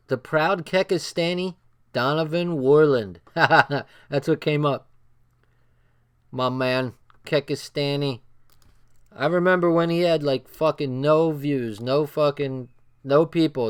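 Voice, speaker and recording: On a livestream, a man with a New Jersey accent and a slightly high, smooth voice reads a book aloud, commenting bluntly and repeating phrases for emphasis.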